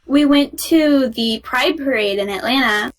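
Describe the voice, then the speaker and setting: A woman's voice: high-pitched, a little slow. A woman co-hosting a podcast, telling a story in casual chat with frequent giggles. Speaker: podcast co-host.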